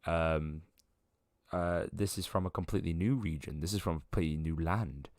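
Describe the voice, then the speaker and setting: Rambling low-voiced game master. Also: male voice, fairly quick, a little mellow, no echo, studio quality. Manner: rambling, with many fillers and laughs. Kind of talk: narrating a tabletop game.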